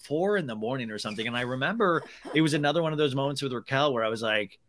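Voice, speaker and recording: Man, podcast guest, casual chat, rambling and animated, bright forceful tone, mid pitch. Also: racing, slight background noise. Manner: rambling, animated storytelling with many restarts.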